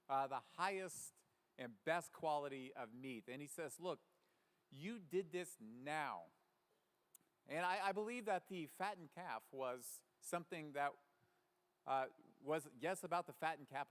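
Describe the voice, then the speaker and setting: A man's voice: on the high side, a bit bright, clean tone. A man preaching a sermon in a church, earnest and thinking aloud with frequent fillers. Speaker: pastor. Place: church sanctuary. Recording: reverberant church hall.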